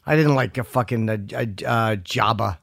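A man's voice: mid-range voice, moderate pace, creaky, fairly bright tone, dry recording, clean studio sound. A man co-hosting a podcast in casual chat, blunt and teasing, swearing as he talks. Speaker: podcast co-host.

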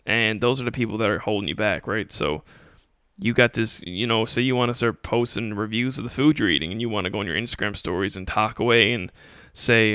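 A man's voice: lowish voice, fairly quick, sharp tone, clean tone, no echo, clean studio sound. A young man hosting a solo podcast, answering listener questions in a casual, motivational way. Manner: casual, motivational, acts out mocking critics in quotes. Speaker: podcast host.

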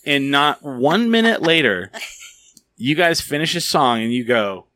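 A podcast host chats casually and tells stories with animation, acting out the voices of the people he quotes. His voice is fairly high and unhurried, and the recording is dry.

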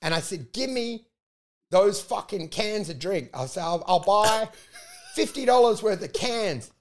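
A man with a high voice tells a rambling story in casual chat at a measured pace. He's a comedian, swearing heavily and acting out what people said in animated, profane storytelling.

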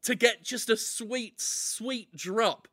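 A man riffing in improvised comedy banter, loud and excitable, breaking into shouted bits. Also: very high-pitched, slow pace.

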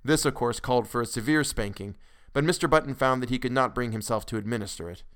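A man narrating a classic story as a podcast host, in a measured, expressive way. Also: medium pitch, clean tone. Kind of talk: dramatic storytelling reading.

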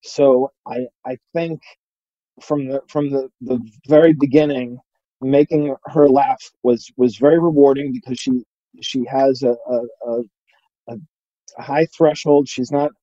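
Halting man with a dark dry voice. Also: mid-range voice, fairly even intonation, no room sound, lo-fi sound. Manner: halting, many restarts and repetitions. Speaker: podcast host. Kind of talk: casual interview chat.

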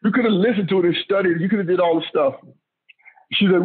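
A man's voice: high-pitched, fast, breathy edge. A middle-aged man, a former football player, telling a family story in an interview, emphatic and repeating himself. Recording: tinny phone-like audio.

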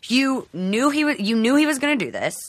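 A woman's voice: fairly high pitch, very animated, brisk, no echo. A woman in a casual chat about a reality show, thinking aloud and asking curious questions.

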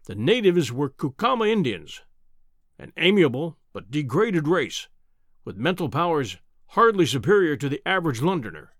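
A man voicing a pompous, booming older professor who lectures in a condescending, imperious way in an audiobook reading. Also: very animated, normal speed, dry recording, studio quality. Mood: lecturing.

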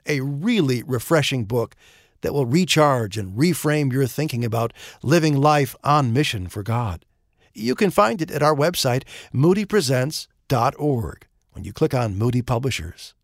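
A male radio announcer reading a script in a smooth, expressive voice. His intonation is lively and varied, and the studio sound is close and dry. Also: mid-range voice, no room sound.

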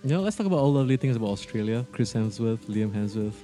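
A man's voice: fairly low pitch, lively intonation, fast, warm tone, soft background music. A man co-hosting a casual podcast chat, joking and laughing often. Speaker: podcast co-host.

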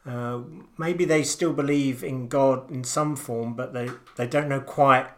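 A man's voice: medium pitch, steady tone, a little slow. A man hosting a podcast interview, chatty and affirming, laughing easily as he asks questions. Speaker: podcast host.

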